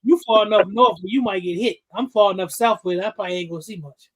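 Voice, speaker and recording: A man in a casual livestream chat, chiming in with quick reactions. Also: high-pitched, a bit bright.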